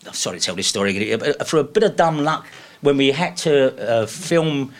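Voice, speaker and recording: Animated man telling anecdotes. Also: mid-range voice, normal speed. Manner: animated storyteller, laughs through his stories. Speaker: guest.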